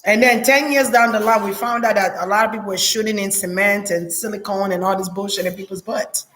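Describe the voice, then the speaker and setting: A woman vlogging in a casual, blunt and profane monologue, talking straight to her viewers, laughing often, with lively jumps in pitch. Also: brisk, slight background noise.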